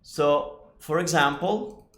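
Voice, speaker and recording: A man's voice: a little high, slow, a bit bright. A man teaching a live online lesson, chatty and explaining step by step while answering viewer comments. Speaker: Italian teacher. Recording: echoey room.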